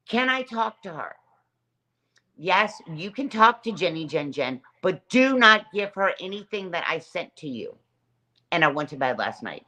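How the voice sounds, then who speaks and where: A woman's voice: fairly low pitch, very animated, a little slow, pushed and bright. Aggrieved woman ranting on a livestream. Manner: aggrieved, repetitive, reads chat names aloud. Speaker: livestream host. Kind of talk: casual livestream rant.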